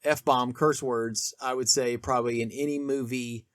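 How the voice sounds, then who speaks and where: A man's voice: medium pitch, steady tone, moderate pace, no echo. Male podcast co-host, rambling casual film talk, dry close mic. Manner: rambling, many restarts and fillers.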